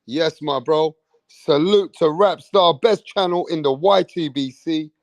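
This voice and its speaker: A man hosting a boxing channel, chatting casually on a live stream, shouting out viewers in slangy, emphatic talk. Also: fairly high pitch, unhurried, no echo.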